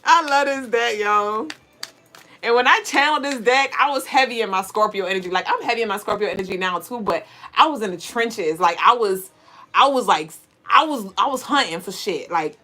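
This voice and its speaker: A woman's voice: on the high side, moderate pace. Playful slangy woman reading tarot live. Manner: playful, slangy, laughs loudly and often, reads chat aloud. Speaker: tarot reader and livestream host. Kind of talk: casual livestream tarot reading.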